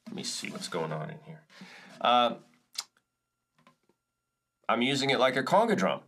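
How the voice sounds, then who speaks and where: A man's voice: medium pitch, very animated, a little slow, fairly bright tone. A man teaching percussion and chords in a casual, self-correcting way, explaining step by step. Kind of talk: relaxed music lesson walkthrough.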